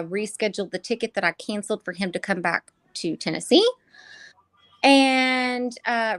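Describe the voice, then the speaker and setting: A woman guest speaking in a weary, flat way, halting with restarts and fillers. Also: mid-range voice, no room sound.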